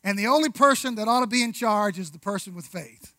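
A man preaching a sermon, conversational, with rhetorical questions, asides and slow, deliberate emphasis on key words. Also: high voice, bright, forceful tone, dry recording, low-quality recording. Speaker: pastor.

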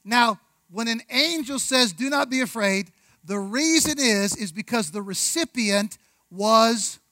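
A man preaching a sermon, conversational, with rhetorical questions, asides and slow, deliberate emphasis on key words. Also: very high voice, animated, sharp tone, dry recording, rough recording. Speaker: pastor.

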